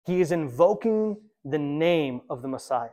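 A male pastor preaching a sermon in an emphatic, animated storytelling manner, with big swings in loudness. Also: on the high side, unhurried.

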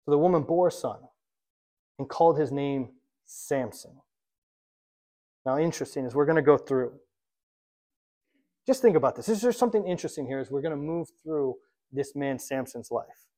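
A male pastor preaching a sermon in an emphatic, animated storytelling manner, with big swings in loudness. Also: on the high side, moderate pace, pauses often.

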